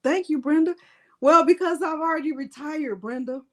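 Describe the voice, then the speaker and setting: A woman's voice: sits high, moderate pace, fairly bright tone. Chatty woman hosting a craft livestream. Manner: chatty, greets viewers by name, playful fussing. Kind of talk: live Q&A chat, reading viewer comments.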